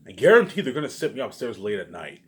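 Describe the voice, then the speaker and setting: A man's voice: mid-range voice, very animated, fast. A man rambling through a casual monologue for his viewers, repeating himself often and swearing freely. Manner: rambling and repetitive, with frequent swearing. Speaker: vlogger.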